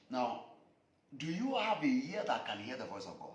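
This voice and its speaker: A man's voice: mid-range voice, very animated, moderate pace, reverberant. A man preaching a sermon broadcast alone, repeating phrases with an emphatic cadence. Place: room alone.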